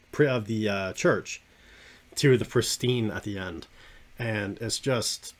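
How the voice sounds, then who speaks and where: A man of ordinary pitch hosts a casual podcast, sharing an enthusiastic breakdown. He rambles and restarts, and his voice sinks softer as each thought winds down. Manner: enthusiastic, rambling, trails off quietly at phrase ends. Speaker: podcast host. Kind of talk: casual discussion of an animated series.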